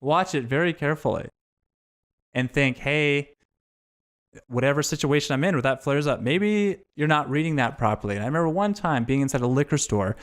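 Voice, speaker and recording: A man, a podcast guest telling candid, profane, self-reflective stories in casual conversation. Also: mid-range voice.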